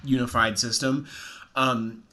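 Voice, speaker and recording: A man's voice: medium pitch, steady tone, slow, sharp tone. A man co-hosting a podcast, telling a rambling story in casual chat and acting out quotes. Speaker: podcast co-host.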